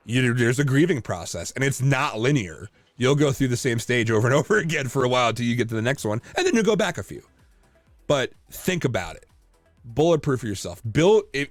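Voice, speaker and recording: A man co-hosting a casual podcast chat, telling lively stories full of fillers and restarts. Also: mid-range voice, dry recording. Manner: animated storyteller, many fillers and restarts. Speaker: podcast co-host.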